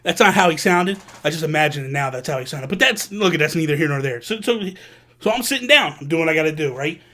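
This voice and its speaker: A man hosting a vlog, telling a personal story in an animated, casual way with slang. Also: fairly high pitch, fast talker. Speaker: vlog host. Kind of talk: storytelling to camera.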